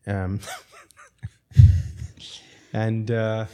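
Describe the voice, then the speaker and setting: Extremely slow, with a fairly low, mellow and smooth voice that barely moves in pitch, a South African restaurateur guest tells long, meandering stories. He chuckles frequently and interrupts himself.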